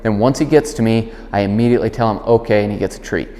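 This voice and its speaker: Low-voiced dog trainer in an echoey hall. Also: male voice, quick pace. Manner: calm explaining voice, firm clear commands. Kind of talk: instructional demonstration. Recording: long hall reverb.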